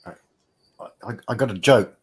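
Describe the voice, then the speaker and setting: A man's voice: medium pitch, normal speed, husky. A man hosting a live stream, chatting casually in a rambling, self-deprecating way and laughing often. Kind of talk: casual chat.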